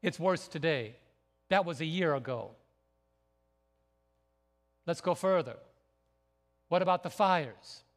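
A man preaching a sermon as pastor, emphatic and building to near shouts. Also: fairly high pitch, expressive, slow, long pauses. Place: church sanctuary. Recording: long church hall reverb.

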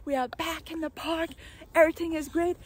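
A woman vlogging in a sunny park with her parrots, talking in a bubbly, excitable way. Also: very high voice, a little fast. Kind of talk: casual outdoor vlog.

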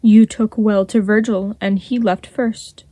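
A woman voicing a cold, menacing leader who speaks in a cool, measured way. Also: medium pitch, steady tone, warm tone, no room sound, natural voice.

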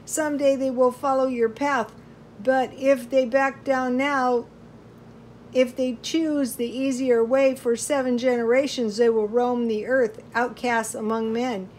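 A woman's voice: sits high, fairly even intonation, measured pace, slight background noise. A woman voicing a stern old male prophet who rises to wrathful rebuke in a storybook reading. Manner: rising to thunderous rebuke.

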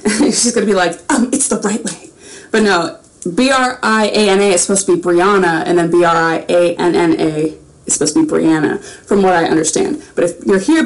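Mujer parlanchina que divaga sin parar. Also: female voice, medium pitch, low-quality recording. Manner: chatty, rambling, self-aware. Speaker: voice actress signing autographs on a livestream. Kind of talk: casual livestream chat.

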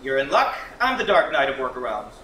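A man's voice: medium pitch, big pitch swings, a little fast, pushed and bright, a little hiss or hum. A man playing an anxious, earnest young tech worker in a staged reading of a TV script. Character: anxious young tech guy, self-important. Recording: echoey room, mic far.

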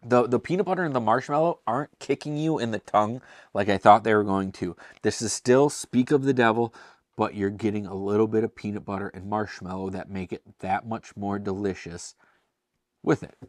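A man hosts a laid-back beer tasting review, speaking fairly quickly in a fairly low voice. He's enthusiastic and chatty with self-deprecating asides, and the recording is dry and close with no room sound.

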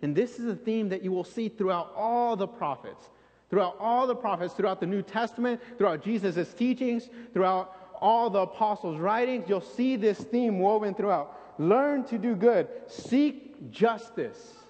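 High-voiced man preaching in a church. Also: normal speed, darkish tone. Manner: earnest, repetitive, pleading emphasis. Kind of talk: sermon. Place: church sanctuary. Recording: dull recording in a reverberant church.

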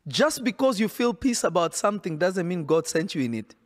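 A man preaching a sermon in an emphatic, insistent way, often repeating his phrases. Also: sits high.

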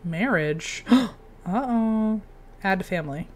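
Animated woman chatting over gameplay. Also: mid-range voice, slow pace. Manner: chatty, reacts with sudden excited outbursts. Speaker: game streamer. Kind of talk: casual gameplay commentary.

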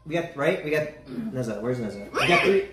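A young man streaming while baking in a home kitchen, talking loudly and casually, swearing often, laughing and startling easily. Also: medium pitch, very animated, a little fast. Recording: echoey room with noise.

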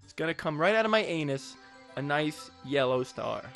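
A man voicing a fast, boastful male turtle racer in a video game, mocking and puffing for breath. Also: fairly high pitch, lively intonation, creaky, fairly bright tone, faint music behind. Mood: taunting.

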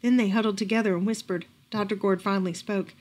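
A woman reading a picture book aloud at a library storytime, expressive and lively. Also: mid-range voice, fast talker.

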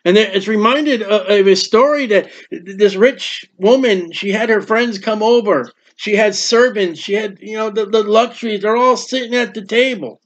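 High-voiced preacher on a dull recording. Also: male voice, moderate pace, hardly any pauses. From United States. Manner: folksy storytelling with acted quotes. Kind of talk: sermon.

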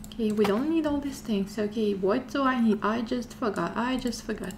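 With a voice on the high side, she speaks at normal speed and rarely pauses as she plays a horror game for her stream. She talks to herself fearfully, repeating and whispering, against loud game music and background noise.

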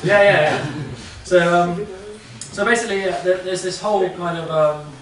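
A man with a fairly high voice talks to a live audience, rambling and chatty, checking in with "yeah?" again and again. He is recorded from a distance in an echoey room. A faint hiss sits behind him. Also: steady tone, normal speed. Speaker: speaker. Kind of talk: casual talk to a live audience.

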